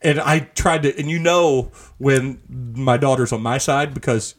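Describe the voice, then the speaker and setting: A middle-aged man hosting a podcast, telling profane stories in a casual, animated way. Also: medium pitch, unhurried. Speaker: podcast host. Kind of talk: casual chat.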